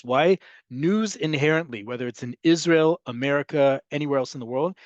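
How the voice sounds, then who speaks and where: A man's voice: mid-range voice, no room sound, lo-fi sound. Male teacher, online class, patient explainer, dry close sound. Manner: explanatory, answers questions, repeats terms slowly. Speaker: Hebrew teacher.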